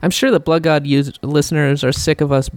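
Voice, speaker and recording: A woman's voice: deep voice, fairly even intonation, fairly quick, darkish tone, no echo. A woman hosting a casual podcast chat, wry and teasing. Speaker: podcast host.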